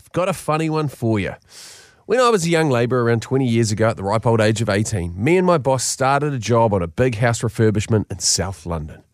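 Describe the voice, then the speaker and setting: A man co-hosting a podcast, reading a listener story aloud in an animated way and laughing often. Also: medium pitch, no echo, studio quality. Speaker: podcast co-host.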